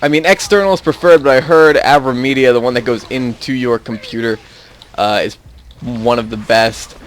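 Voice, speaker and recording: A man's voice: medium pitch, fairly even intonation, moderate pace, slight background noise. A young man chatting casually over his gameplay, rambling and easily losing his train of thought. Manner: rambling, easily sidetracked, chuckling often. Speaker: gaming YouTuber.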